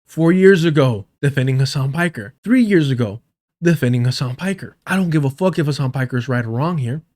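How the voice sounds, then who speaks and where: A man's voice: mid-range voice, animated, brisk, a little mellow. A man commenting on a live stream in a heated, sarcastic and profane way. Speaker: streamer reacting to a debate.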